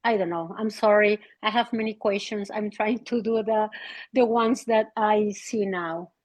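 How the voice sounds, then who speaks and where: A woman's voice: mid-range voice, fairly even intonation, a little slow, dry recording, rough recording. A middle-aged woman, a parent, earnestly asking for advice over a video call, hesitant and apologetic. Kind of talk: casual question on a video call.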